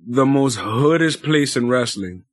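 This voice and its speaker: A male co-host in relaxed banter, swearing freely and wandering through his thoughts with lots of "like" and "you know". His voice sits at an ordinary pitch and is recorded dry and close. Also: unhurried, no room sound. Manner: loose and profane, rambling with filler words. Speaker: podcast co-host. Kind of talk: casual chat about wrestling.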